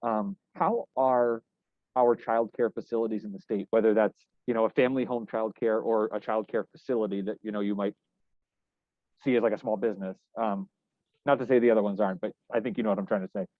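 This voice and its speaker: A young male reporter chats through his interview questions, stumbling and restarting as he goes. His voice sits fairly low, and it comes over a thin, tinny line in a dry, dead room. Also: steady tone, no room sound. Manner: halting, many restarts and fillers. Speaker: news reporter. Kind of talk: casual interview.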